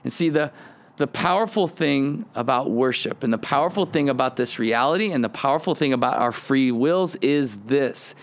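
A man's voice: mid-range voice, lively intonation, moderate pace. Earnest man teaching on prayer. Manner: earnest, conversational, acts out prayers in quoted lines. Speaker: podcast host teaching on the Psalms. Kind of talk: devotional podcast teaching.

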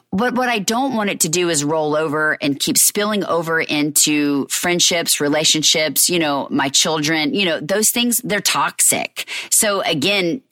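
A woman's voice: fairly low pitch, a bit bright, no room sound, studio quality. A middle-aged woman and mother talking candidly in a personal vlog, repeating herself and getting fired up as she goes. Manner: candid, repetitive, gets fired up. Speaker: divorced mother sharing her story.

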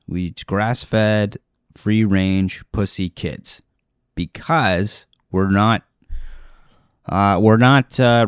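A man's voice: fairly low pitch, dry recording, clean studio sound. A young adult man hosting his own show as a stand-up comedian, rambling loosely through a self-deprecating comic monologue. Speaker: podcast host and stand-up comedian.

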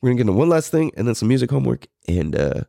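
A man's voice: mid-range voice, very animated, racing, vocal fry, warm tone, no room sound, studio quality. A man in his thirties hosting a podcast, telling a story in a rambling, profane way with many fillers. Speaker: podcast host. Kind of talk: casual storytelling.

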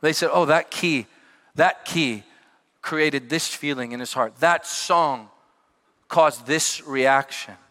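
Middle-aged pastor guy, a bit high-voiced, storytelling sermon, long reverb from the hall. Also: slow pace. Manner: animated storytelling with shouted peaks and dropped asides.

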